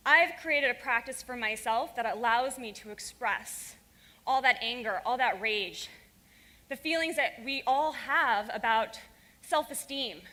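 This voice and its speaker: A woman's voice: sits high, sharp tone. A woman giving a frank, fiery and profane talk to a live audience in a conference hall. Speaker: conference speaker.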